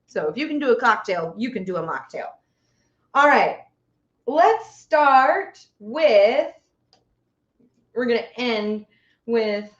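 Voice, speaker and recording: A woman's voice: a little high, a bit bright, echoey room, muffled recording. A woman hosting a casual live stream, chatting with viewers and reading out their comments. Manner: chatty, reads out viewer comments, stumbles over long words. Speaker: livestream host.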